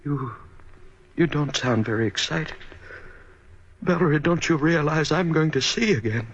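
A scared, stammering man in a hospital bed who anxiously pleads for reassurance. His voice sits fairly high, on a dull vintage radio recording. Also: animated, unhurried, fairly bright tone. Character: frightened older man, bandaged and blind. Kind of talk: 1940s radio acting.

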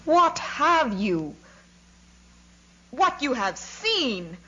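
A woman's voice: medium pitch, normal speed, a bit bright, highs cut off, lightly acted. A woman reading aloud, voicing an emotional, stubborn old male commander who bursts out in choked indignation. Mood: furious. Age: over 60.

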